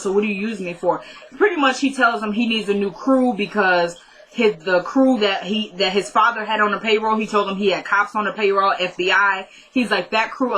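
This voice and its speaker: A woman's voice: mid-range voice, pushed and bright, poor audio. A woman talking casually into a vlog, recapping a TV episode. She retells the dialogue line by line with "he's like" and "she goes" and adds playful mock complaints to the viewer. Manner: retells scenes quoting characters with "he's like". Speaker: TV episode reviewer.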